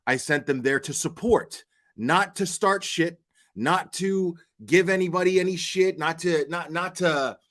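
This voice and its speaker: A man's voice: on the high side, fairly bright tone. A young man hosting his channel, ranting heatedly and profanely with stammering restarts. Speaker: channel host. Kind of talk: casual vlog rant.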